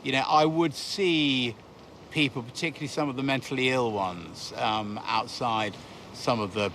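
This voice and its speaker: A man's voice: medium pitch, moderate pace, background noise. A man, a former undercover reporter, speaking reflectively and hesitantly in an interview.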